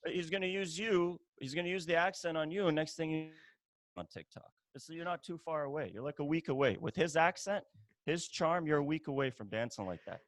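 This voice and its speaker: A man's voice: on the high side, brisk, dry recording. A man from Iran, a guest on a podcast, bantering with jokes and mock indignation in casual chat.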